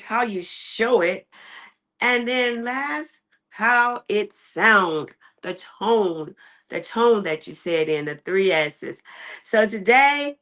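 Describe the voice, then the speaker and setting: A woman's voice: medium pitch, fairly bright tone. A woman pastor preaching a sermon to an online congregation, telling a story with animation and repeating phrases for emphasis. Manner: addresses online congregation directly.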